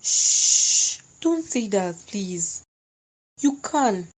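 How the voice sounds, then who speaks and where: Woman doing a devoted friend begging softly, cartoon drama, high swooping voice, drawn out. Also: lively intonation, takes it slowly, poor audio. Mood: pleading. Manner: hushed, pleading.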